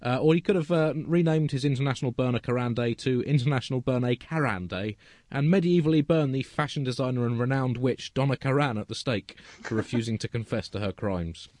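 A man co-hosting a satirical comedy podcast, delivering puns in a deadpan way and chuckling at his own jokes. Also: mid-range voice, brisk, dry recording, studio quality. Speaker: co-host.

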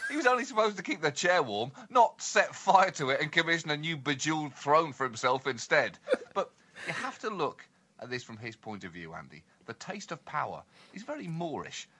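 A man co-hosting a comedy podcast, with animated, mock-indignant comic delivery. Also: a little high, a little fast, slight background noise. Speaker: co-host.

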